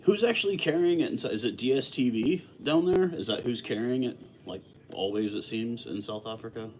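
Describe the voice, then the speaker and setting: A man hosting a casual livestream, chatting with viewers in a relaxed, rambling way with many fillers and restarts. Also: medium pitch, brisk, a little hiss or hum. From lives in Texas. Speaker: livestream host. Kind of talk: casual live chat with viewers.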